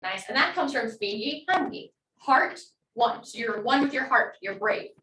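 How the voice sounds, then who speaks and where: A woman's voice: a little high, expressive, normal speed, pushed and bright, roomy sound, far from the mic, slight background noise, poor audio. A woman teaching a language class online, upbeat and encouraging as she models words for students to repeat.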